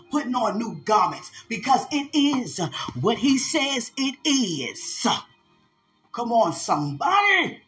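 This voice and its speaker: A woman preaches with fervent conviction, calling out to listeners as she recounts a vision. Her voice sits a little high and rings in an echoey room. Faint music plays underneath. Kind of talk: prophetic sermon.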